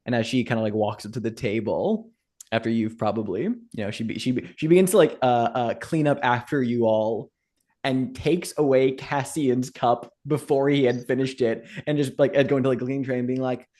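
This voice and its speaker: A man's voice: mid-range voice, normal speed, darkish tone. Man narrating as game master. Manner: loose, filler-heavy narration.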